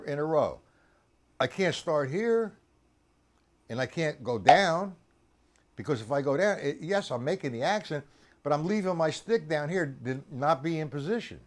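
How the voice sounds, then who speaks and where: A man teaching drums on a live stream, his voice lively and swinging widely up and down. He is animated, teases his students, and keeps quizzing them by name. He sits a little high for a man. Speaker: drum teacher. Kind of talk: live-streamed drum lesson.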